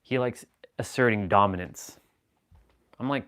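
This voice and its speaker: A man hosts a live stream and talks loosely and off the cuff. He jokes with viewers and reacts to their comments as he goes. His voice sits a little low. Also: normal speed, fairly bright tone, clean tone. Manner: rambling, joking, reacting to chat. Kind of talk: casual live stream chat.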